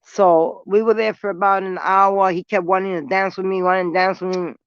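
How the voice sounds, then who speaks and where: A woman's voice: mid-range voice, steady tone, brisk, smooth, no echo, muffled recording. Blunt New woman telling stories. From New York City. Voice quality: blunt, profane street talk. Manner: smoking while talking. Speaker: vlogger. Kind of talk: casual storytelling.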